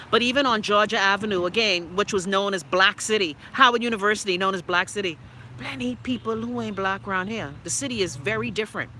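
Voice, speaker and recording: A woman hosting a live stream, reading viewer comments aloud and bantering with them in a teasing, animated way. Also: medium pitch, slight background noise, rough recording. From Bahamas. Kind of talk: casual live chat. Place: outdoors in a city street.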